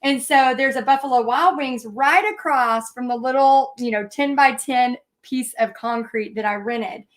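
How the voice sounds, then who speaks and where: Lady painting live and chatting, high voice, lots of ums and restarts. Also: measured pace, few pauses. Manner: chatty, frequent fillers and restarts. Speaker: paint party instructor. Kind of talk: live painting lesson with personal storytelling.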